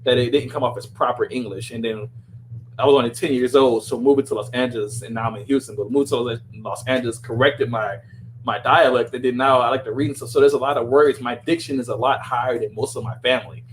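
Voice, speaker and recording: A man's voice: medium pitch, steady tone, fast talker, a little hiss or hum, poor audio. A man with a Southern Louisiana accent chatting on a podcast, emphatic and rambling, repeating words when he gets heated. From New Orleans, Louisiana. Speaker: podcast host. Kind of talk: casual podcast chat.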